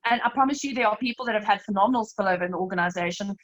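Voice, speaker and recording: A woman leading a live slide presentation, explaining step by step in a brisk, emphatic way and often calling her listeners "you guys". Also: medium pitch, muffled recording. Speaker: network marketing team leader presenting a webinar.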